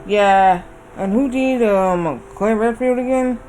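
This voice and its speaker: A man's voice: high-pitched, slow, darkish tone, a little hiss or hum, poor audio. A man streaming a game, chatting casually and telling a long rambling story that circles back on itself. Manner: rambling storyteller, repeats himself. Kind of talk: casual chat while gaming.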